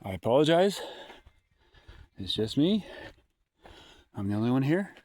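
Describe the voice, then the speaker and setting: A man's voice: medium pitch, sing-song, unhurried, darkish tone. A man vlogging alone from a forest campsite, talking into his handheld phone, out of breath, rambling and going off on tangents. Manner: rambling, sidetracked, jokey. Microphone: handheld phone camera.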